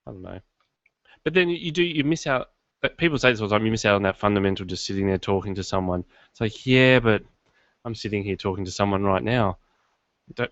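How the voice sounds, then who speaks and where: A man's voice: on the low side, a bit bright, no room sound. A man hosting a podcast from his garage, chatting casually in a rambling, self-deprecating way. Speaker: podcast host. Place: home studio in his garage. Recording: dull lo-fi dry sound.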